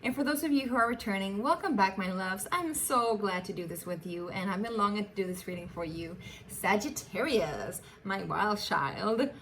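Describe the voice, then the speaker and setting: Woman, tarot reader, warm chatty delivery, affectionate, faint hiss behind. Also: mid-range voice, animated, moderate pace. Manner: chatty, affectionate, laughs often, restarts phrases. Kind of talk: casual tarot reading to camera.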